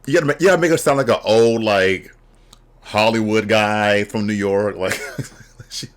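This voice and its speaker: A man's voice: lowish voice, normal speed. A man hosting a casual reaction video, talking candidly and bluntly with bawdy jokes and frequent laughter. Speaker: drag reaction video host.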